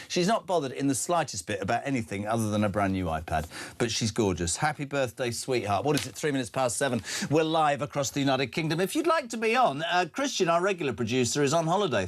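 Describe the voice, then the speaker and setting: A middle-aged British man hosting a live breakfast talk show, opinionated and full of quick asides. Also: mid-range voice. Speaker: radio talk show host.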